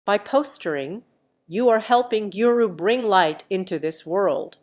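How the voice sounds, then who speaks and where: A woman's voice: mid-range voice, expressive, a little slow, a little mellow, close to an everyday voice. A woman voicing a male spiritual teacher who gives solemn instructions in a pacifying tone.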